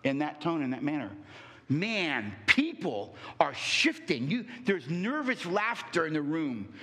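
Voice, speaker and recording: A man giving a motivational talk on relationships, telling a story with rhetorical questions and deliberate pauses. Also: a little high, sing-song, a bit bright. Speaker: speaker on relationships.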